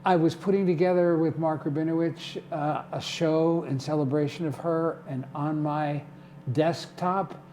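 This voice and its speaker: A man's voice: fairly high pitch, steady tone, measured pace, dark tone, a little hiss or hum. An older man guesting on a community TV show, telling casual stories in a chatty way and often checking in with "okay?". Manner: chatty, tags remarks with "okay?". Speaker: guest, community theater volunteer. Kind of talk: casual storytelling. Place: television studio.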